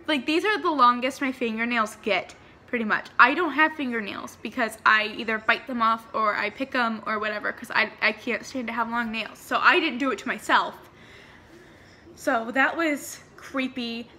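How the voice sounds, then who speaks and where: A woman's voice: a little high, bright, forceful tone, slight background noise. A young woman chatting through a paranormal storytime vlog, rambling and full of fillers. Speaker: vlogger.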